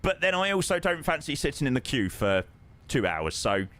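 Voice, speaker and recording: A man's voice: a little high, sing-song, moderate pace, a bit bright, slight background noise. A man chatting casually on a live stream, answering viewers with plenty of ums and friendly "mate"s. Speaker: live streamer flying a flight simulator.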